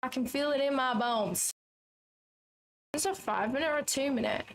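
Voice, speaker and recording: A woman's voice: sits high, moderate pace. Chatty woman thinking aloud while trading. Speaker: trading livestream host. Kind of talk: live commentary while trading.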